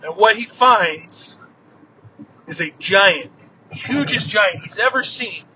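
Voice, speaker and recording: Slow, bright-voiced male storyteller. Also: high voice. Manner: relaxed, vivid retelling. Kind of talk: oral storytelling of myths. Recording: dull lo-fi with faint noise.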